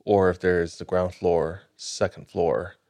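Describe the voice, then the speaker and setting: A man hosting a podcast spins a spooky tale in a measured, dramatic way. His voice sits very low and he takes his time. The recording is close and dry. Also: flat delivery, a little mellow, no echo. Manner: measured, dramatic storytelling with light laughs. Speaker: podcast host. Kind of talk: telling a spooky story on a podcast.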